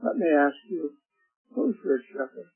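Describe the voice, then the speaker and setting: An older man preaching a gentle, emphatic sermon on the radio and asking his listeners questions. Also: fairly high pitch, sing-song, moderate pace, husky. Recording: tinny phone-like radio broadcast with faint music.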